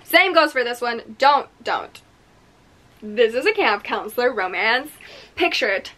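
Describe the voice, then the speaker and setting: A woman's voice: fairly high pitch, expressive, a little slow, pushed and bright. A woman reviewing her favorite books in casual chat, gushing and effusive, dropping into dramatic whispers. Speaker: book reviewer.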